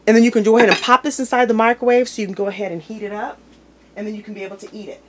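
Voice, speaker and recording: A woman's voice: mid-range voice, flat delivery, rapid-fire, background noise. Chatty woman demonstrating food in her kitchen. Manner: chatty and informal, talks while handling food. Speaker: home cooking video host. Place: home kitchen.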